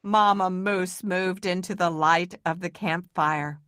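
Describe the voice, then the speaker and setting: A woman reading a children's story aloud for young kids, in a slow and expressive way. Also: lowish voice, clean tone, no room sound, clean studio sound.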